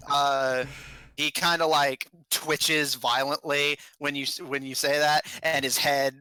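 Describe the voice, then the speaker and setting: Man game master, bright sharp voice, dry close sound, casual narration. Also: fairly high pitch, flat delivery, slow, clear, resonant tone, dry recording, rough recording. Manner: laughing often, with many fillers.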